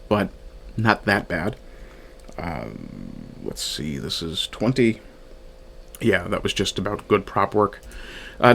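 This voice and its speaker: Low-voiced man reviewing a fan film. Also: gravelly. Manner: thinking aloud, halting, many fillers; reads from his own notes. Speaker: media reviewer. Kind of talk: casual review commentary.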